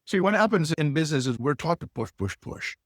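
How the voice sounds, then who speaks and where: Middle-aged guy coach telling a story, really animated voice, bit husky, dry close mic. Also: on the high side, fast talker, dry recording. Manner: acts out dialogue with lively inflection. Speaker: guest, leadership coach.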